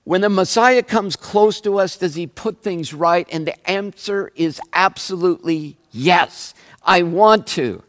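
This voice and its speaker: A man preaching a sermon as pastor, slow and emphatic, pressing questions on his listeners. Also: high voice. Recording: long reverb of a large hall.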